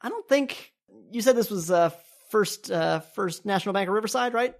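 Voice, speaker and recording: A woman puts on a casual lab analyst with a noticeably higher voice than her own, hesitant and full of fillers. She is a laid-back tabletop game figure who rambles as she reports. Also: expressive, normal speed, lightly acted.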